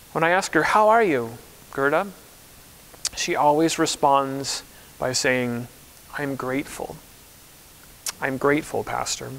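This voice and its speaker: A man's voice: a little high, a bit bright, clear, resonant tone. A man who is a pastor, preaching a conversational, story-driven sermon. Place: church.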